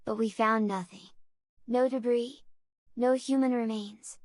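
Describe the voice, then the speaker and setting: A woman's voice: a little high, fairly even intonation, a little slow, dry recording, natural voice. A woman voicing a grave, solemn old navy hand. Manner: solemn, weary explaining. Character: grave former navy man Jack, middle-aged.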